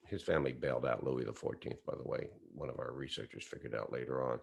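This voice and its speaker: Brief: low-pitched man, storyteller who acts out the people he quotes. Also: expressive, fast talker, vocal fry, few pauses, breathy edge. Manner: acts out quoted voices with big pitch swings. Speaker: speaker recounting whistleblowing story. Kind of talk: animated storytelling talk.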